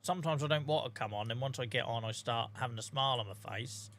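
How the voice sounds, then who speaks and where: Bright-voiced Norfolk man streaming a game. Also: mid-range voice, quick pace. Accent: Norfolk English. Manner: chatty, swears freely, greets viewers by name. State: tired and sore. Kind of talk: casual live-stream chat while playing.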